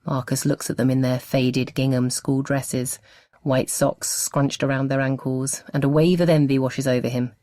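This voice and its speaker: A woman narrating a novel as an audiobook, with expressive storytelling. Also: extremely low pitch, moderate pace, no echo, clean studio sound.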